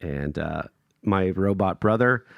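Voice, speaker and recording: A man on a podcast, telling a casual story in a bouncy, expressive voice that leaps up when he acts out other people. He laughs often as he talks. The sound is close and dry, with no room echo. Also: sits low, slow, creaky. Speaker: podcast co-host.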